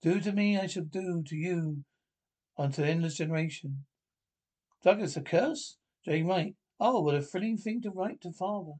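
A man's voice: a little high, darkish tone, slightly rough. A man reading a radio horror script aloud, voicing every part and the stage directions, with frequent slips and restarts. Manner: halting read-through with slips and restarts. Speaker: script reader.

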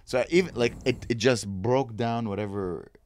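A young man from Lebanon co-hosting a podcast, talking in a rambling, emotional way, swearing, his voice dropping soft on the sad parts. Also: mid-range voice, moderate pace, slight background noise. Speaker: podcast co-host. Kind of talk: casual podcast chat.

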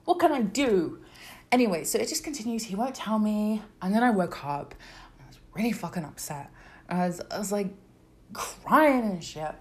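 A young woman chatting casually to her viewers, her pitch swooping up and down as she tells a story. She swears freely and throws herself into acting out every voice in it, with big jumps in pitch. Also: animated, normal speed, darkish tone, husky. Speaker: vlogger.

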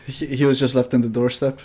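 A young man co-hosting a podcast, telling a story in a lively, laughing way. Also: mid-range voice, husky. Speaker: podcast co-host. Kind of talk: casual storytelling chat.

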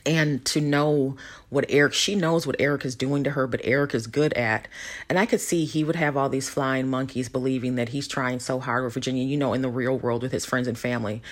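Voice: medium pitch, fairly even intonation, a little fast. A reality show commentator giving casual, opinionated commentary and talking straight to the viewers.

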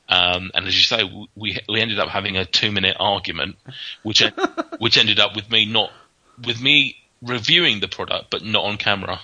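A man's voice: on the low side, animated, brisk, sharp tone. A man telling casual, rambling anecdotes in a chat, full of fillers and restarts. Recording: dull lo-fi sound.

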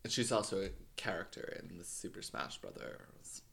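A man's voice: sits low, very animated, moderate pace, gravelly, a bit bright, a little hiss or hum. A man co-hosting a casual chat, cracking crude teasing jokes. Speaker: podcast co-host. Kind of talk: casual banter.

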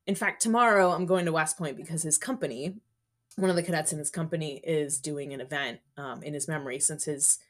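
A woman in her forties, a podcast guest telling stories in a candid, chatty way. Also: low-pitched. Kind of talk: casual interview storytelling.

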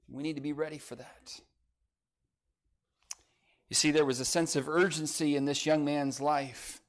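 A man's voice: a little high, little pitch movement, a little slow, pauses often. An older man preaching a sermon, earnest and urgent, asking his listeners direct questions and adding folksy, joking asides. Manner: earnest, rises to urgent emphasis, asks the congregation direct questions; folksy asides and light humor.

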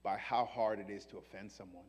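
A man from New York preaching a sermon, animated and fervent, acting out the voices he quotes. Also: on the low side, brisk, breathy edge. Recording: long reverb of a large hall.

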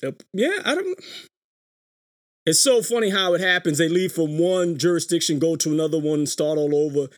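A man hosting his own podcast, talking through a story in a casual live-stream monologue, animated, often restarting his sentences. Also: a little high, moderate pace, no room sound, clean studio sound. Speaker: podcast host.

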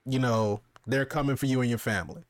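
A man's voice: mid-range voice, fast talker, dry recording, clean studio sound. A man casually recapping a TV episode for a review show, acting out the characters' lines along the way. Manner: animated recapping with goofy impressions. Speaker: podcast co-host reviewing a TV show. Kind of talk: casual chat.

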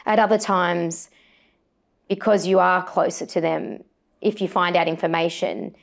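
Aussie woman chatting in an interview, lots of um and like, fairly low voice. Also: steady tone, a little slow, vocal fry. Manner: chatty, many fillers and restarts. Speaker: sports presenter and reporter, guest. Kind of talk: casual interview chat.

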